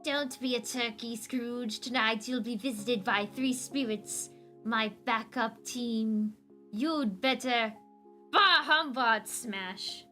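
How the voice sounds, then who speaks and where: A woman's voice: fairly high pitch, slow pace, bright, forceful tone, soft background music. Woman doing a snivelly TV ghost. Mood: warning. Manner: snivelly, whiny impression. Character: snivelling male TV ghost, evil ex-partner. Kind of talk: comic read aloud with voices.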